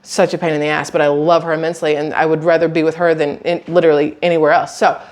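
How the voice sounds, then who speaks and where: A woman's voice: low-pitched, quick pace. Chatty woman vlogging. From southern United States. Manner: chatty, rambling, animated with frequent asides. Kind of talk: casual chat to camera.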